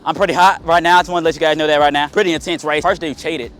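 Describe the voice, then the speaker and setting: A man playing a boastful, hot-headed young race-car driver who talks loudly and with swagger. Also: fairly high pitch, fairly even intonation, racing, over music, pitched below the performer's own voice, lightly acted. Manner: loud, shouting, swaggering.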